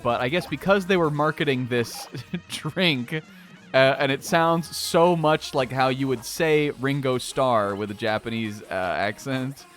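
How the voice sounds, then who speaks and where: A man's voice: mid-range voice, measured pace, a bit bright. A man streaming a video game in a casual, rambling way, swearing often and laughing a lot. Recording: faint game music behind.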